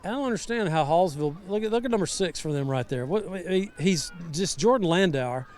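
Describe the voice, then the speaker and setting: A man commentating a high school football game live from a rainy outdoor stadium, chatty and storytelling. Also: animated, brisk, a little mellow. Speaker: sideline reporter and color commentator.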